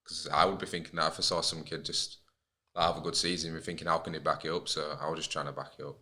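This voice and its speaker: A man's voice: very deep voice, little pitch movement, fast talker, bright, forceful tone. A young man in his twenties with a Yorkshire accent, chatting easily as an interview guest. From Huddersfield, England. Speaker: rugby league player, guest. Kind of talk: casual interview chat.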